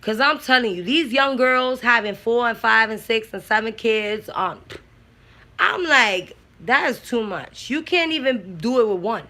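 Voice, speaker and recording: A woman in her thirties from the Bronx, talking about raising kids in a blunt, profane, animated way. Her New is strong, her voice sits a bit high, and it has a bright, forceful edge. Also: a little slow. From the Bronx, New York. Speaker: mother and aunt sharing opinions. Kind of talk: casual talk.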